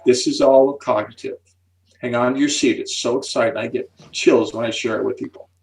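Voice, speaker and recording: A gravelly-voiced man in his seventies explains with animated enthusiasm, building suspense before each key point like a seasoned speaker. His voice sits a little back from the microphone. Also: medium pitch, fairly quick, distant mic, poor audio. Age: 70s. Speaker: psychology speaker and author, interview guest.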